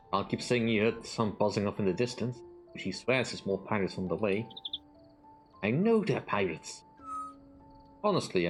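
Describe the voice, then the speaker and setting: A friendly village leader speaks in an earnest, encouraging tone, pitched up and with a bit more push than plain speech, as read aloud by a man. Faint game music plays behind. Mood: grateful. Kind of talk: reading game dialogue aloud.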